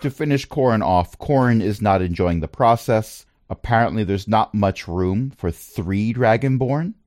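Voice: medium pitch, normal speed, a little mellow, no echo. A game master narrating the adventure and hosting the stream, with a wry, playful manner.

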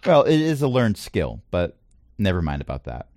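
A man's voice: low-pitched, huge pitch swings, normal speed, crowd noise. A man hosting a casual podcast chat, who also teaches middle school. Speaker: podcast host.

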